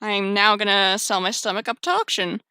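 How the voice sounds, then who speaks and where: A woman streaming a dating game, reading it aloud and reacting loudly, shrieking and laughing in protest. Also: mid-range voice, fairly even intonation, fairly quick, slight background noise. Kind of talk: let's play commentary.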